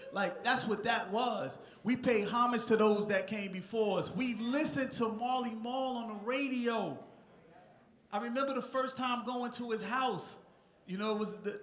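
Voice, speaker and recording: On a theatre stage, echo ringing around him, a middle-aged Newark, New Jersey native in the USA offers a rambling, heartfelt acceptance speech with many restarts. He speaks in a high-pitched, slightly bright voice.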